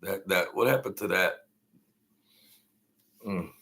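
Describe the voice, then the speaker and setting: Man, 60s, from Brooklyn: low, gravelly, rambling opinionated livestream host. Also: slow, fairly bright tone. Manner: rambling, opinionated, reads out viewer names. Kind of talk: casual late-night livestream chat.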